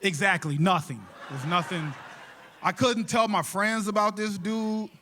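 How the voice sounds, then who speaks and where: A man's voice: sits high, fairly even intonation, unhurried, pushed and bright, a little hiss or hum. A man doing a stand-up comedy set on a theater stage into a handheld mic, telling casual profane stories and laughing often between punchlines. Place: theater stage before a live audience.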